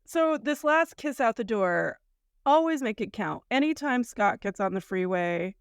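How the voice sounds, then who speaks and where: A woman in her thirties from the United States, co-hosting a casual podcast and retelling a story with lively acted-out asides. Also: on the high side, unhurried, clean tone, no echo, clean studio sound. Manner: animated storyteller, acts out quoted lines. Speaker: podcast co-host.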